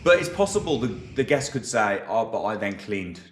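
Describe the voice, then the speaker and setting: A man's voice: lowish voice, sing-song, moderate pace. A man co-hosting a podcast, chatting loosely and without a script. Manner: conversational, loose and unscripted. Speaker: podcast co-host. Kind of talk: casual chat.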